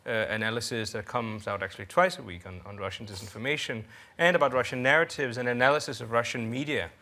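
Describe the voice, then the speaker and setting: Bright-voiced male analyst on a panel. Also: medium pitch, quick pace. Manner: hesitant, many fillers. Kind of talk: panel discussion talk.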